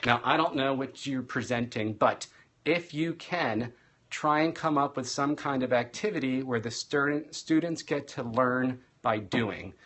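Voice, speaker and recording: An energetic man teaches over a live stream at a mid-range pitch. He shifts between loud and soft and speeds up and slows down to stress his points. He sounds like a practiced classroom speaker. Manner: energetic, varies loudness and pace for emphasis.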